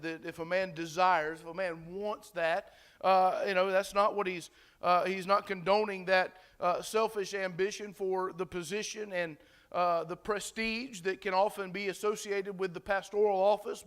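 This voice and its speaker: Guy preaching a sermon, kinda high voice, lots of uhs and restarts, asks the church questions. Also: moderate pace, fairly bright tone. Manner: conversational preaching, many fillers and restarts, asks the congregation questions. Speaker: pastor.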